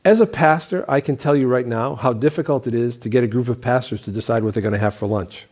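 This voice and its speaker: A man's voice: medium pitch, fast talker, darkish tone, slightly rough. A middle-aged man, a pastor, teaching a Bible college class in a sermon style, emphatic and repetitive, firing off rhetorical questions and stumbling over restarts. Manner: emphatic, repeats key phrases, asks rhetorical questions.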